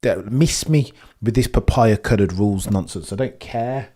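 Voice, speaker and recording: A man's voice: lowish voice, normal speed, warm tone, close to an everyday voice. A man voicing an irritated male racing driver grumbling dismissively over team radio. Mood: fed-up.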